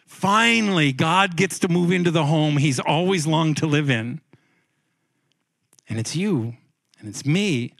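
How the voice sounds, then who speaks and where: A man's voice: a little high, animated, unhurried, creaky, long pauses, fairly bright tone, no room sound. Male pastor preaching in dry sound. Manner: conversational preaching with frequent repeated words and restarts. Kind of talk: sermon. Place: church sanctuary.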